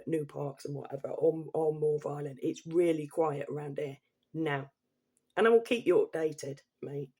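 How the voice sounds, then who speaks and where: Vlogger, woman, Leicester accent, gravelly and husky, reads set points then rants and swears. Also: sits low, dark tone. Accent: Leicester English. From Leicester, England. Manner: reads prepared points, then breaks into heated, swearing asides. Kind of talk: political opinion rant.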